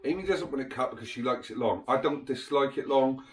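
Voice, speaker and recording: A man's voice: medium pitch, brisk. A man, a parent, explaining his plan in a casual family vlog, chatty and persuasive. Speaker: parent vlogger.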